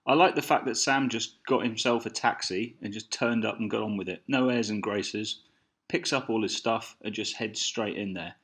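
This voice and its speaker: A man's voice: fairly low pitch, moderate pace, fairly bright tone, slightly rough. A man with a Birmingham accent, chatting casually through a film audio commentary. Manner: easygoing, chatty, a few restarts. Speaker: documentary commentary co-host.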